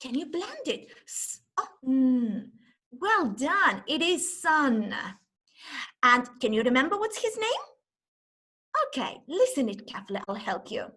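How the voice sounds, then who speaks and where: A woman giving an online teaching demonstration, talking as if to a class of young children and sounding out letters slowly and with exaggeration. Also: sits high, very animated, sharp tone. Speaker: teacher trainer. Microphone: video call.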